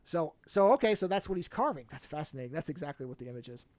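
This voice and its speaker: A podcast co-host in casual chat, retelling a film at length with quick asides. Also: mid-range voice, animated, a little mellow, no room sound.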